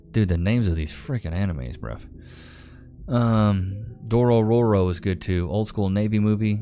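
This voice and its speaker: A man's voice: on the low side, expressive, moderate pace, mellow. A young man with a Texan Southern accent from Northeast Texas, casually chatting on a live stream and reading viewer comments aloud in a laid-back drawl. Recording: faint music in background.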